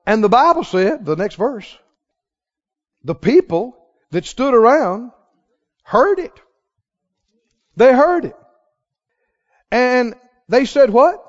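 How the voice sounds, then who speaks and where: A man preaching a passionate sermon, pressing his listeners with rhetorical questions and swinging from hushed tones to loud ones. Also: very high-pitched, very animated, slow pace, pauses often. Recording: reverberant hall, muffled sound.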